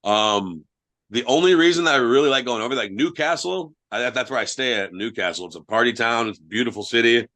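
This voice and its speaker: A man's voice: mid-range voice, fairly quick, bright, forceful tone. A young man, a guest wrestler, telling blunt, profane stories in casual podcast chat.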